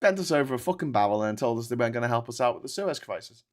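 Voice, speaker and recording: A British man hosting a live show, reading viewer comments and ranting in an animated, sweary way with frequent stumbling restarts. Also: medium pitch, rapid-fire. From Britain.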